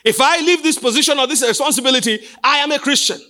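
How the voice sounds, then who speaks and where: A man preaching a sermon as pastor, emphatic and repetitive, building up to shouts. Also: extremely high pitch, fast talker. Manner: emphatic, repeats phrases, rises to shouts.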